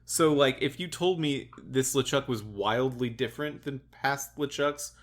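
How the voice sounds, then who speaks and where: A man's voice: medium pitch, unhurried. Laid back podcast dude, mid voice, chuckly, trips over his words a bit. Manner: relaxed and amused, chuckles often, hesitant restarts. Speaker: podcast co-host. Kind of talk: casual chat.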